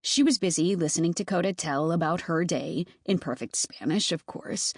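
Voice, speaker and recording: A woman narrating a first-person children's audiobook in an expressive, animated way, recorded close in a studio. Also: on the low side, normal speed, few pauses, husky, no echo. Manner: expressive, animated character reading.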